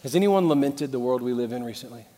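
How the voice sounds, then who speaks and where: A man preaching a sermon as pastor, out of breath and impassioned, shifting between loud preaching and quieter asides. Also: medium pitch, animated, fast. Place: large church sanctuary. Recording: church hall reverb.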